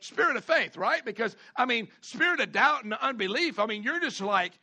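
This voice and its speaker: A man's voice: very high-pitched, animated, normal speed, sharp tone. A man preaching a sermon as pastor, folksy, repeating phrases and stretching key words for emphasis.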